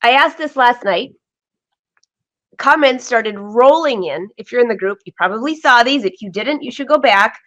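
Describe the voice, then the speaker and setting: A woman hosting a live sewing vlog from her home studio, chatty and excitable, laughing often. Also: on the high side, normal speed. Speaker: vlog host. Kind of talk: live-streamed casual chat.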